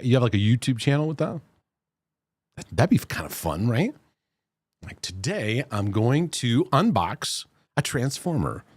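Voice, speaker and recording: A man with a mid-range voice, recorded dry, hosts a Christian mental health livestream. He chats casually and reads out viewer comments, laughing easily between them, with many fillers and restarts.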